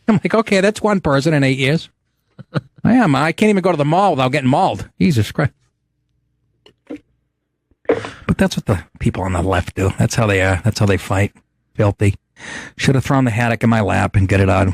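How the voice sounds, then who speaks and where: Profane, animated ranting male host. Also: a little high, normal speed, long pauses, no echo, clean studio sound. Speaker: podcast host. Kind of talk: casual ranting talk show.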